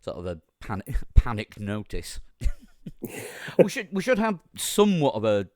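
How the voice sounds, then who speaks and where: A man hosting a casual podcast with a croaky, strained voice, joking and laughing often between his ums. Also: lowish voice, wildly swooping pitch, unhurried, darkish tone, no echo, clean studio sound. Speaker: podcast host.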